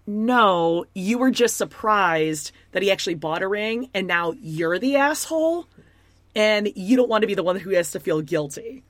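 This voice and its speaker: A woman's voice: mid-range voice, lively intonation, normal speed, no echo. A woman co-hosting a casual reality show recap, blunt and snarky, mocking the people she talks about. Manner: snarky, blunt, acts out quotes in mocking voices. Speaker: podcast co-host.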